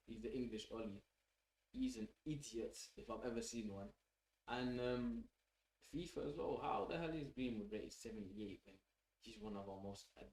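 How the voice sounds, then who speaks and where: A man hosting a fan channel, giving live match reaction commentary in an excitable, opinionated way and swearing casually. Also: lowish voice. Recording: roomy echo.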